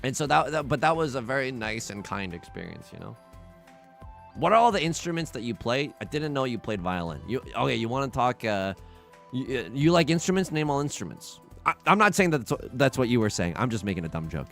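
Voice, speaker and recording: A man's voice: medium pitch, big pitch swings, a little fast, gravelly, fairly bright tone. A young man streaming, chatting casually and rambling with self-mocking jokes while he plays. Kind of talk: casual livestream chat while playing. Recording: faint music behind.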